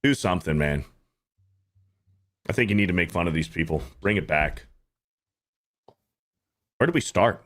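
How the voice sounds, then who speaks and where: A man's voice: low-pitched, lively intonation, normal speed, pauses often, fairly bright tone. A man co-hosting a casual livestream, reading donor messages aloud and joking in a profane, mocking way. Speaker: co-host reading super chats.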